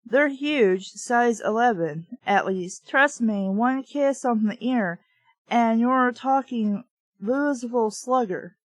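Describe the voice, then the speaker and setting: A brash, man-crazy woman of sixty, vain and flirty, from a read-aloud novel. A woman reads her lines at a slow, unhurried pace in a fairly high voice, very dry and close to the mic. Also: dry recording. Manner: brash, suggestive.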